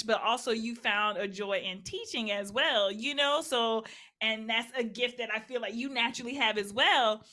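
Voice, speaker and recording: A woman's voice: a little high, pushed and bright. A woman hosting an interview show, talking in an encouraging, reflective way with frequent affirmations to her guest. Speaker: podcast host. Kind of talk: supportive interview chat.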